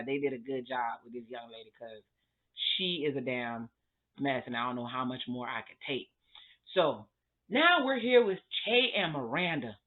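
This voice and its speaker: A woman giving a casual, blunt recap of a TV episode and talking straight to her viewers. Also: sits low. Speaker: TV review vlogger. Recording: thin, phone-like sound.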